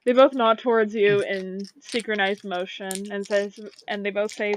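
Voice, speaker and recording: A woman's voice: medium pitch, fairly even intonation, moderate pace, a little hiss or hum. A woman narrating as game master of a tabletop game, in a casual way full of "like" and "kinda". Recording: dull lo-fi dry recording.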